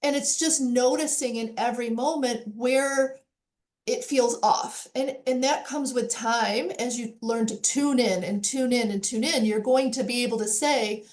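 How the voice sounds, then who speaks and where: A woman's voice: a little high, unhurried, a little mellow. A woman speaking as a panel guest, earnest and reflective, repeating phrases for emphasis.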